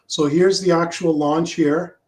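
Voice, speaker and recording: A man with a slightly high voice walks through his launch slides on a video call. He talks casually and stumbles often, filling gaps with small hesitations and restarting his sentences. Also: steady tone. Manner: halting, with many fillers and restarts. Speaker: club member presenting his rocket launch.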